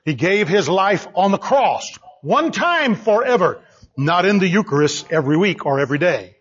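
High, husky-voiced male preacher. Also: big pitch swings, normal speed. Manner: emphatic, repeats phrases for stress. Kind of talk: sermon. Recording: dull lo-fi sermon recording.

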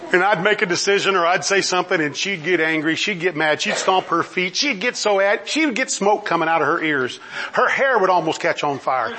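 A man's voice: sits high, bright, forceful tone, slight background noise. A middle-aged man preaching a sermon, emphatic, firing off mocking rhetorical questions and laughing often. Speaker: pastor.

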